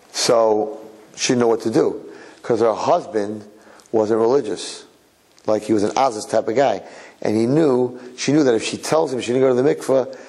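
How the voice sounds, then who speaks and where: A rabbi telling a religious story to listeners in a conversational way, asking rhetorical questions and repeating phrases. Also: male voice, on the low side, a little mellow, low-quality recording. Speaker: rabbi giving a Torah talk.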